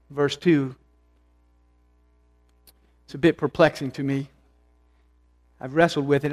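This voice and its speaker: A man's voice: fairly high pitch, a little mellow, in a large hall. A male pastor preaching an expository sermon, earnest and searching, with restarts and rising emphasis.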